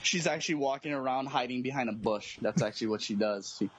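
A man's voice: mid-range voice, fast talker, slightly rough, lo-fi sound. A man on a comedy podcast, cracking goofy, absurd jokes in casual chat.

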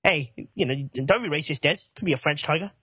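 High bright-voiced man, laughing as he jokes. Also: quick pace, breathy edge, no room sound. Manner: giggly, riffing on jokes. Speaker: podcast co-host. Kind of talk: casual comedic chat.

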